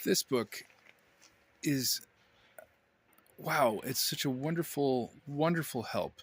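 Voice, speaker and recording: A man's voice: mid-range voice, slow pace, breathy edge. Rambling wry man talking to camera. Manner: rambling, self-interrupting, wry. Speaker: vlogger. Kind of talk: casual talk to camera. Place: indoors, at home.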